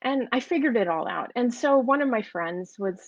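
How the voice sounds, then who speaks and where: A woman's voice: on the high side, expressive, normal speed, no echo. Woman, New York–New Jersey accent, chatty coach on a live stream; dry, dull-ish mic. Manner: chatty, storytelling, many restarts. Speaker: online business coach. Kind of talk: live-streamed casual talk.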